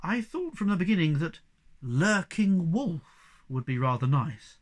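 Reader doing a hushed, hesitant wanderer figure. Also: mid-range voice, big pitch swings, measured pace. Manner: quiet, hesitant. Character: quiet, thoughtful wanderer.

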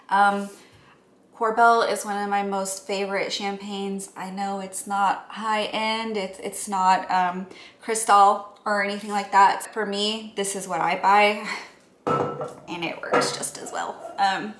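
A woman talks her viewers through mixing cocktails at home in a loose, chatty way, with plenty of ums and likes. Her voice sits at a middle pitch. The room rings with echo, and faint clinks of dishes and cutlery sound in the background. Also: fairly bright tone, a little hiss or hum. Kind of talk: casual how-to chat.

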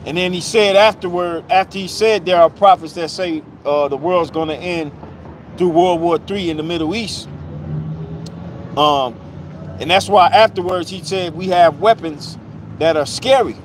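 A man's voice: high-pitched, moderate pace. A man talking emphatically about scripture with fellow street preachers, repeating himself and quoting verses. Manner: emphatic, repetitive, quotes scripture. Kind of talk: casual religious chat outdoors. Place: city street outdoors. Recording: outdoor street noise.

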